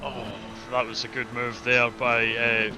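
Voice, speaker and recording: A man's voice: medium pitch, monotone, a little slow, noisy background. A man co-commentating on an online sim race, with dry, teasing humour and mock outrage.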